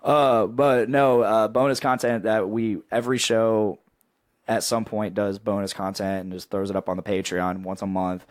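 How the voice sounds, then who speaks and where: A young man hosting a podcast in casual chat, pitching with excitable hype and laughing often. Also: moderate pace, no room sound, studio quality. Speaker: podcast host.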